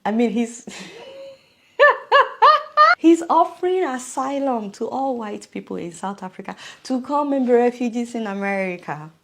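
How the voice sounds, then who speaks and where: A woman commentating on the news in a casual video, animated and talking directly to her viewers. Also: on the high side, a little slow, vocal fry.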